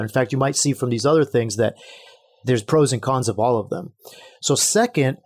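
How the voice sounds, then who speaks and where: A man's voice: medium pitch, a little mellow. Earnest man preaching on a podcast. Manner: earnest, preachy, addresses listeners as brothers. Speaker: podcast host. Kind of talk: solo podcast teaching talk.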